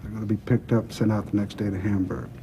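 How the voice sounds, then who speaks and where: An actor playing a gruff older male crime boss who talks bluntly, with profanity and dry teasing. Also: fairly low pitch, fairly even intonation, quick pace, mellow, a little hiss or hum. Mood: businesslike. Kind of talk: film drama acting.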